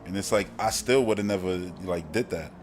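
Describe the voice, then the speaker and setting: With faint music in the background, a Brooklyn-accented podcast host from Brooklyn, New York, runs a casual live-stream chat. His voice sits low at a normal speed, and he rambles, uses slang and laughs frequently.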